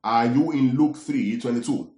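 A man preaching a sermon, often asking his congregation questions in an animated way. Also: medium pitch, normal speed. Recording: echoey hall.

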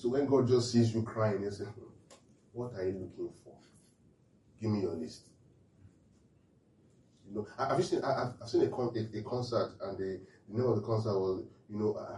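A man's voice: on the low side, reverberant, recorded from a distance, rough recording. A man preaching a humorous sermon, laughing often and checking in with his listeners. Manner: animated, laughing often, asks the audience questions.

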